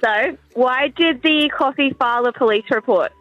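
A woman's voice: high voice, normal speed, no echo, dull audio, soft background music. A woman calling a radio show to tell jokes, cheerful and giggly. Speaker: caller. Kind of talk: telling jokes on the phone.

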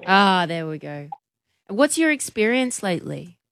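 A radio co-host chatting casually, reacting quickly and laughing often. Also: medium pitch, very animated, vocal fry, a bit bright, no echo.

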